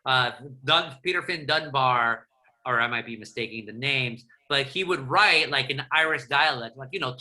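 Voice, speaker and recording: A man from Southern California, a journalist guest on a podcast, talking in a fast, animated storytelling way. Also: medium pitch. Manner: animated, rapid storytelling with restarts. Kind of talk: casual interview chat.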